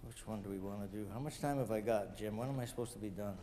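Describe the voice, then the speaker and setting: A man's voice: on the low side, fast talker, dark tone, long reverb tail, slight background noise. A man giving a motivational lecture, telling personal stories with joking asides and talking straight to his audience. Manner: joking asides, chuckles at own jokes; addresses audience directly, emphatic. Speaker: guest speaker.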